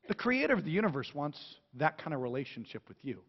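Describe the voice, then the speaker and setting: A man pastor preaching a sermon in an animated, conversational, jokey way. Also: on the high side, fast, hardly any pauses. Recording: echoey hall, dull sound.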